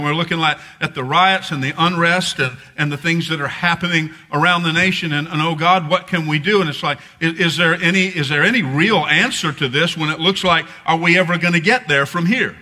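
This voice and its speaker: A man preaches to his congregation in a very bright, forward voice. He talks in a loose, conversational way, then leans into emphatic, pressing passages. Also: on the high side. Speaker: pastor. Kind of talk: sermon. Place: church sanctuary.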